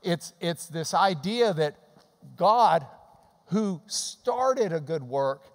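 A man with a high, lively voice delivers an expository sermon, pressing hard on key phrases and dropping to quieter asides. His words ring with long reverb through a church hall. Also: very slow. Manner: emphatic, swings from quiet asides to loud stressed phrases, repeats words. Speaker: pastor.

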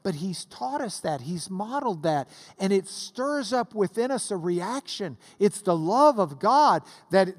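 A man's voice: sits high, sing-song, measured pace, hardly any pauses. A man, preaching a sermon to a class, telling stories and building to passionate swells. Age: 50s. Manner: storytelling with swells of rising intensity. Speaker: pastor.

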